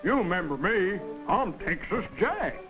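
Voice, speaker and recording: An actor playing a sly cowboy rabbit in an old cartoon, with a folksy drawl. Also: male voice, sits high, very animated, measured pace. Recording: old cartoon soundtrack with music.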